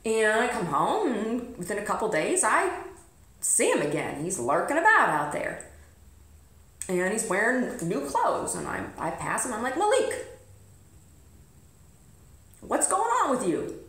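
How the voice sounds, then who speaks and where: A woman's voice: medium pitch, very animated, normal speed, fairly bright tone. Blunt, swearing woman telling a story. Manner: blunt, emphatic, swears freely. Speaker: vlogger. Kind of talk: casual storytelling to camera. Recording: roomy echo.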